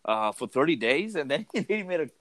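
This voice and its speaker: A man's voice: fairly high pitch, normal speed, dry recording. A man telling stories in casual chat, acting out the people he quotes. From North America. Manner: storytelling, lively, acts out quoted people.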